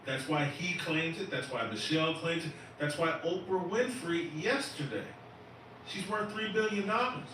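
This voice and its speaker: A middle-aged man as a guest in a commentary chat, speaking bluntly and with measured dismissiveness. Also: fairly high pitch, pushed and bright, heavy reverb, recorded from a distance, a little hiss or hum, rough recording.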